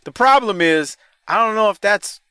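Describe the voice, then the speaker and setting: Lively, bright-voiced male podcast host. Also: high voice, normal speed, clean tone, dry recording, studio quality. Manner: animated, profane storyteller who laughs often. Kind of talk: casual podcast banter.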